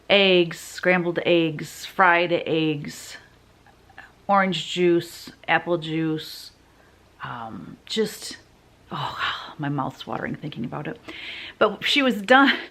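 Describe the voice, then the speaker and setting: A woman in her fifties hosts her own vlog, chatting to the camera. Her voice sits low, and she tells her story in a loose, rambling way, full of fillers and side remarks. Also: fairly bright tone. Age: 50s. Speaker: vlogger host.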